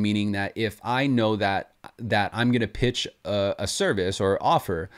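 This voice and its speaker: A man coaching listeners on sales in a casual, animated talk, acting out sample calls along the way. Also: on the low side. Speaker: sales trainer.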